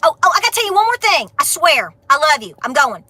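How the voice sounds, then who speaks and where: A woman's voice: high-pitched, sing-song, a little fast, few pauses, bright, forceful tone, no room sound. A middle-aged woman, ranting bluntly on a casual livestream, then laughing and affectionate with her viewers. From Appalachia. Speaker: homestead vlogger.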